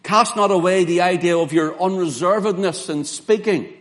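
A man delivers a sermon, earnest and emphatic, leaning hard on key words. His voice sits a little high for a man. He quotes scripture in old King James wording. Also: a bit bright. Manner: earnest, emphatic preaching with slow spelled-out words and dramatic quoted lines. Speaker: preacher.

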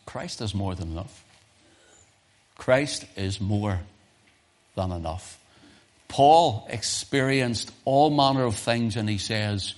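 A man preaching a sermon at a church service, moving between loud emphasis and soft low asides, often repeating and restarting his phrases. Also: a little slow. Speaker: pastor.

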